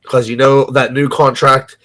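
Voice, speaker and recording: A man's voice: medium pitch, level tone, a little slow, fairly bright tone. Rambling male sports podcast co-host. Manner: rambling, hedging, lots of ums and restarts. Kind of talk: casual sports betting chat.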